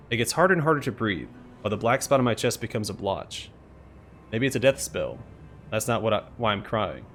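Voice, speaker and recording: A man hosting a let's play, expressively reading the game's story text aloud. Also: on the low side.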